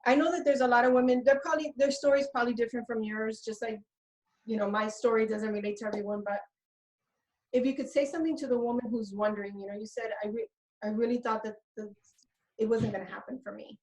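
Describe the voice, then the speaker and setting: A woman's voice: on the high side, steady tone, quick pace, a little mellow, low-quality recording. A woman co-hosting a live online coaching event, earnest and affectionate, near tears as she thanks a client. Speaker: co-host, love coach. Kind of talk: warm emotional live webinar talk.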